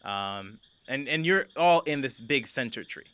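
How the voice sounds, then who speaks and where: Guy running a d&d style game, bright voice, rambly and casual. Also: medium pitch, expressive, measured pace, clear, resonant tone, dry recording. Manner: loose and chatty, many fillers and restarts. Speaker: game master. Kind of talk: narrating a tabletop game.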